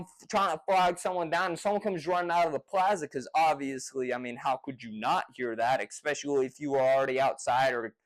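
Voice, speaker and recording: A man casually retelling a personal story in a rambling, profane, excitable way. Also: mid-range voice, poor audio.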